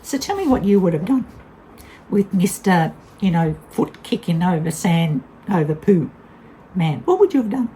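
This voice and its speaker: An older woman speaks in a mellow, warm tone and rambles through a casual story. Her pitch swings widely as she talks. She is blunt and candid and laughs easily, with a faint hiss behind her. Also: big pitch swings, normal speed, poor audio. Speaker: vlogger.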